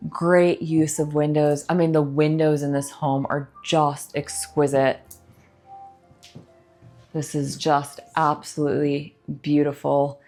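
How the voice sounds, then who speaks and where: Inside a large house, a middle-aged female real estate agent leads a casual home tour, enthusiastically gushing over every feature and adding chatty asides. Her voice sits low and sounds a bit mellow.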